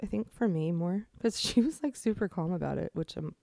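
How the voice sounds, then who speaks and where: A woman's voice: on the low side, a little fast, gravelly, dark tone, dry recording, clean studio sound. A young woman co-hosting a podcast in casual chat, laughing often and swearing freely. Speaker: podcast co-host.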